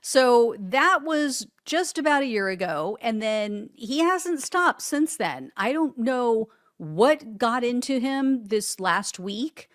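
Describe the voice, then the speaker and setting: A woman's voice: a little high, animated, slow pace, hardly any pauses, no echo, clean studio sound. A woman hosting casual political commentary, sarcastic and blunt, with casual swearing as she reads posts aloud.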